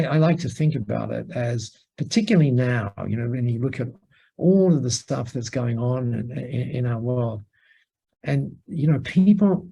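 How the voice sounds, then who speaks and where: A man with a gravelly, husky voice and a mellow, warm tone tells stories in an interview. He talks like a business mentor, animated and chatty, doubling back on himself and stopping for asides. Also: mid-range voice, poor audio. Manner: animated anecdote-telling, many restarts and asides. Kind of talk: conversational storytelling interview. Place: lives in Singapore.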